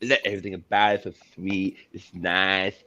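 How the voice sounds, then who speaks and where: A man voicing a gentle-mannered boxer who gushes softly and sweetly about things he loves. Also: low voice, flat delivery, fairly quick, muffled recording, pitched below the performer's own voice. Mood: gushing. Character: soft-spoken gentle male boxer.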